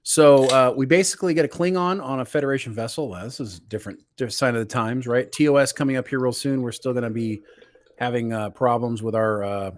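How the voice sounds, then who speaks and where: A man's voice: mid-range voice, fast talker. A man co-hosting a casual pop culture podcast, walking through an episode step by step with frequent restarts. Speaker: podcast co-host.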